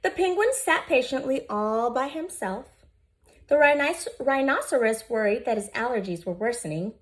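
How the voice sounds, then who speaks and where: Expressive woman reading a storybook aloud. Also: a little high, moderate pace. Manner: expressive, gentle, speaks directly to listening children. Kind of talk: storybook read-aloud for children.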